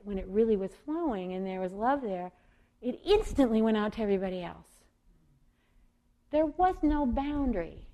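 A woman meditation teacher giving a gentle, reflective talk on loving-kindness practice, thinking aloud as she explains. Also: mid-range voice, vocal fry.

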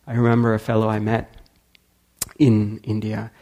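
A man's voice: fairly low pitch, moderate pace. A man giving a talk, telling a story and acting out the people in it. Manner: animated storyteller acting out quotes. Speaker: speaker.

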